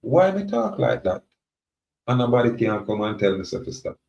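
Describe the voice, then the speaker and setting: A man's voice: medium pitch, big pitch swings, normal speed, creaky, a little mellow. A man with a Jamaican accent giving a defiant, preachy, rambling monologue to his viewers. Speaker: self-styled sovereign speaking to viewers. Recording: roomy, dull lo-fi recording.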